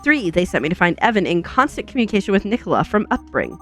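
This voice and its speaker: A woman voicing an anxious young woman investigator as she reads game dialogue aloud, talking in worried, quick self-questions. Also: mid-range voice, very animated, a bit bright, faint music behind. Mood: explaining.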